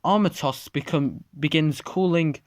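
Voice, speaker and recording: Halting, slow improvised storyteller. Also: mid-range voice, darkish tone, no room sound, studio quality. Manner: halting, often restarting sentences.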